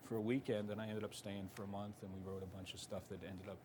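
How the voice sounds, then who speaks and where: A man's voice: fairly low pitch, little pitch movement, quick pace. A middle-aged man, a guitarist, telling a rambling anecdote in an interview. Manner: rambling, with restarts and asides. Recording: noisy ambient background.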